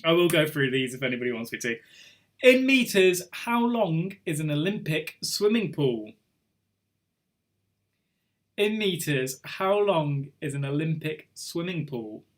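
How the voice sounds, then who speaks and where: A man's voice: a little high, animated, unhurried. A young man hosting a live online pub quiz, chatty and rambling between questions. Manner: chatty and rambling, drifting off topic with chuckles. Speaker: quiz host.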